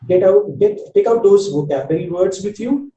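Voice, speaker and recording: A man's voice: high-pitched, lively intonation, normal speed, mellow, reverberant, recorded from a distance, highs cut off. A man with an Indian English accent teaching a spoken English class, talking in an earnest, repetitive coaching way. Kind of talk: online class lecture.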